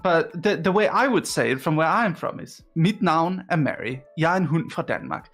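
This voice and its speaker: A woman from Denmark with a Danish accent, a guest on a chat stream explaining her language in a relaxed, amused way. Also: deep voice, brisk. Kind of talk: casual chat. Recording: faint music behind.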